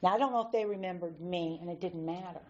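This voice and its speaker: Woman, low-ish voice, candid recovery talk at a podium, dull lo-fi recording. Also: fast. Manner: candid, animated storytelling with acted-out quotes. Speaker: AA speaker.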